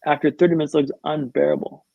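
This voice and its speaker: Male interview guest, raised pitch, gravelly, dramatic storyteller with a humorous streak, dull lo-fi line. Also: flat delivery, quick pace, mellow, no room sound. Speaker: podcast guest.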